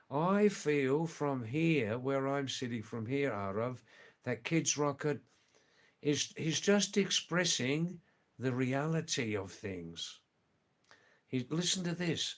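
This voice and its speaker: A man hosting a live stream, chatting with viewers and reading their comments aloud, with an accent between British and Australian English. He speaks slowly, hesitates and repeats his phrases. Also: mid-range voice.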